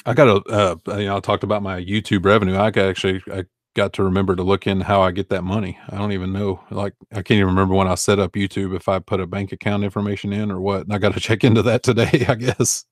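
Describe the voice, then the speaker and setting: Low, flat-voiced man in his forties. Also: fast, few pauses, no echo, studio quality. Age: 40s. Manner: easygoing and rambling, with fillers and chuckles. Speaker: online reseller answering viewer questions. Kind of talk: casual live Q&A chat.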